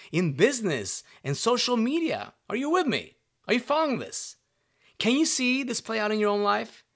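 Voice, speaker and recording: Male motivational speaker, slightly high voice with a very animated melody, earnest and direct, keeps asking if you're with him. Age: adult parent. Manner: earnest, keeps checking in with the listener with "right?" and direct questions. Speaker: self-help speaker. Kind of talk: motivational monologue.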